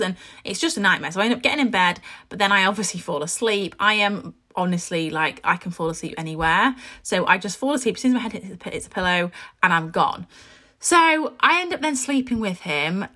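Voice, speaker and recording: A British woman and podcast host chatting casually about her children, telling stories in a lively way with frequent asides. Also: medium pitch. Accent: British English. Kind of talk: casual chat.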